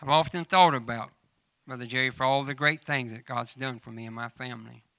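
A man's voice: mid-range voice, fairly quick, bright, forceful tone, no room sound. A man with a Southern American accent preaching a folksy sermon, telling funny stories and addressing church members by name. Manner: humorous storytelling mixed with scripture reading.

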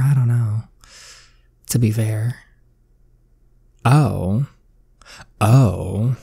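A man hosts a let's-play of a story game, talking straight to his viewers in an excitable, chatty way. His voice is very dark and mellow with a husky edge, recorded dry and close. He sounds tired and worn out. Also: on the low side, very slow, long pauses, dry recording. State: tired and sweaty after a vaccine dose. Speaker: gaming YouTuber. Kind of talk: casual let's-play commentary, reading a story game aloud.

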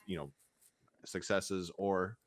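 A man's voice: low-pitched, level tone, slow pace. A man playing a tabletop role-playing game, joking and laughing as he chats with his party. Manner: joking, playful, laughs often. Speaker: player. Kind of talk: casual tabletop game chat.

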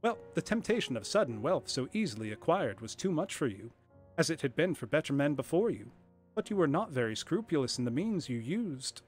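A man voicing a calm, stern male detective who speaks in a low, measured way. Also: soft background music. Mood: cool.

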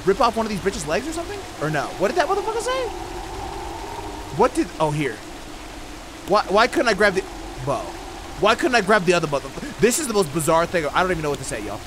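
A man giving profane, incredulous let's-play commentary, ranting loudly at a game. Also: high voice, wildly swooping pitch, fast, noisy background. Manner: loud, cursing, incredulous rants. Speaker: gaming YouTuber.

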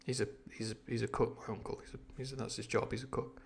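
A man streaming a novel reading, dropping into quiet, chatty asides about the story. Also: medium pitch, little pitch movement, fast talker, gravelly, hardly any pauses. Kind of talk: casual live read-along with asides.

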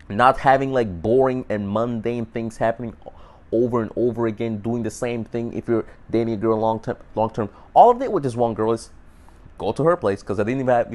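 A young man giving dating advice in a rambling, profane monologue to camera, often checking in with "right?". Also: mid-range voice.

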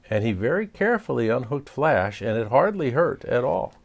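A man reading a children's storybook aloud as storyteller, expressive and chuckling. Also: medium pitch, normal speed, gravelly, few pauses.

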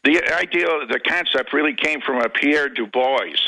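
An older man calling in to a radio show, rambling in a halting way, full of pauses and restarts. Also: mid-range voice, bright, forceful tone, poor audio. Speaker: caller.

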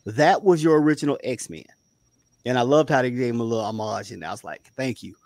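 A man's voice: mid-range voice, brisk, darkish tone, no room sound. A man from the Southern United States, co-hosting a casual review chat and stressing his points with repeated words. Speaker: podcast co-host.

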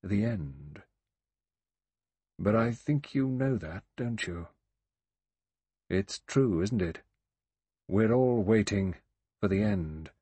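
A man over sixty voicing a quiet, grave old male general who speaks gently and slowly. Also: lowish voice, animated, husky, dry recording, exaggerated voice. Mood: gentle. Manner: gentle, slow, musing.

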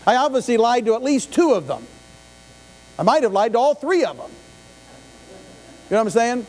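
This middle-aged pastor's very high, darkish voice swings widely in pitch at a moderate pace as he preaches conversationally in the sanctuary. He frequently asks the congregation questions and makes asides, heard over a live stream's long reverb and mains hum.

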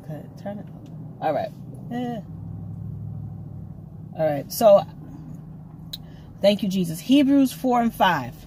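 A woman giving an excitable, rambling prophetic message to her viewers, recorded on her own camera at home. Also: mid-range voice, takes it slowly, pauses often, a little hiss or hum. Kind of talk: casual prophetic video message. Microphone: camera she sets up herself.

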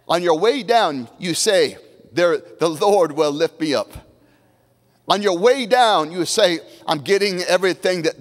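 Man preaching emphatically in an echoing hall. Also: on the high side. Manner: emphatic preaching, repeats declarations. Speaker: pastor. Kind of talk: sermon. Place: church sanctuary.

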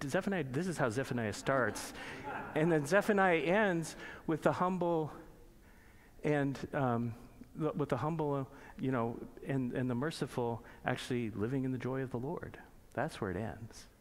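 A man preaching a sermon in a church, reading scripture slowly and then explaining it in plain conversational asides and pointed questions. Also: medium pitch. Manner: asks the congregation pointed rhetorical questions. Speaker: pastor.

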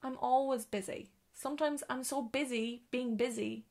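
A woman reading a storybook aloud and voicing a busy, kindly household cook who talks in a brisk, practical way. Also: high voice, fairly even intonation, darkish tone.

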